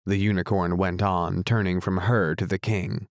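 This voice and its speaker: A man narrating a classic children's novel as an audiobook, in a measured, unhurried way. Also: low voice, little pitch movement, no room sound, clean studio sound. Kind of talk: scripted narration.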